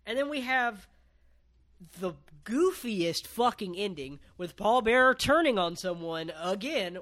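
A man's voice: high voice, animated, measured pace, a bit bright. A man casually recapping a wrestling match on a podcast, laid-back, with lots of ums and casual swearing.

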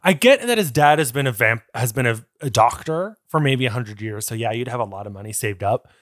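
A man's voice: mid-range voice, animated, fairly quick, no echo, studio quality. A man co-hosting a casual podcast, rambling through tangents and laughing often. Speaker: podcast co-host. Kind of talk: casual chat about books and films. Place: indoors, sitting on the floor.

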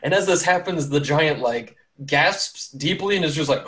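A man's voice: fairly high pitch, expressive, normal speed, few pauses, fairly bright tone. Man, game master, casual, filler-heavy, laughs often. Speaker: game master and podcast host. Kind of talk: narrating a tabletop game.

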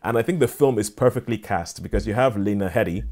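A man's voice: fairly low pitch, darkish tone. An enthusiastic man reviewing a film in casual chat, often restarting his sentences. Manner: enthusiastic, halting with many restarts.

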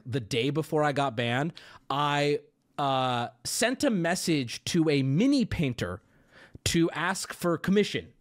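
A man's high, bright voice swings widely as he rants on stream. He is exasperated and profane but mocks himself too, and breaks into bursts of laughter. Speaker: livestreamer. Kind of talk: ranting stream monologue.

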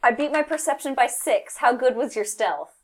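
Tabletop player, woman, higher voice, chatty and profane. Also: expressive, moderate pace. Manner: chatty, swearing, riffing on jokes. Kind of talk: casual tabletop play.

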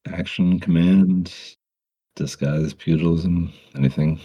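A man running a tabletop game as game master, relaxed and descriptive. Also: low-pitched, takes it slowly, breathy edge, dull audio.

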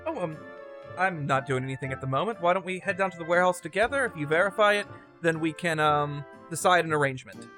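A man's voice: a little high, fast talker, sharp tone, soft background music. A man playing a tabletop game character in an overly polite, formal way, hesitating with frequent ums. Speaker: player. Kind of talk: in-character tabletop role-play.

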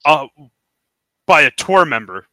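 A man's voice: on the high side, big pitch swings, unhurried, sharp tone, dry recording. A young man co-hosting a podcast, telling rambling, profane stories in casual banter. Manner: rambling storyteller, loose and profane. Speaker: podcast co-host.

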